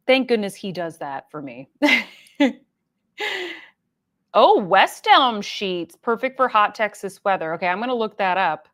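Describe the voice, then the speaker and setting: A young woman hosts a relaxed livestream and reads viewer comments out loud. She talks in a loose, chatty way, full of fillers and small laughs, at a middle pitch. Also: unhurried, long pauses. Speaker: livestream host. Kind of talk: casual livestream chat reading comments.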